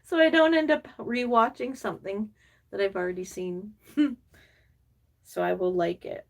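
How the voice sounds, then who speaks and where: An older woman hosting a casual live stream, chatting and reading viewer comments, rambling with lots of fillers and laughs, sometimes dropping into soft cooing baby talk. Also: medium pitch, a little slow, creaky, distant mic. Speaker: reborn doll artist and collector hosting a live stream.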